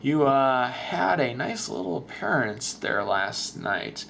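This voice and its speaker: A man plays a bemused radio host in a comic voice-over dub. He talks slowly and hesitantly, with plenty of fillers, in a gravelly voice whose pitch rises and falls a lot. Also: sing-song, fairly bright tone, a little hiss or hum, exaggerated voice.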